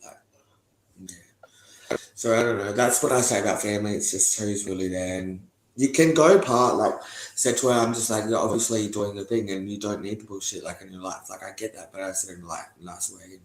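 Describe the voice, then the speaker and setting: A man's voice: on the low side, a little fast. A young man giving a candid, rambling interview testimony, swearing often and laughing between thoughts. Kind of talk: candid casual talk. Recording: echoey room.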